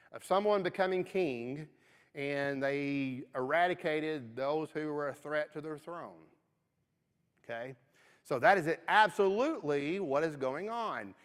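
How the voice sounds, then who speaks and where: A man's voice: a little high, expressive, slow. West Kentucky man teaching a Bible class. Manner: conversational, frequent "okay?" check-ins. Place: church auditorium. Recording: long reverb of a church auditorium.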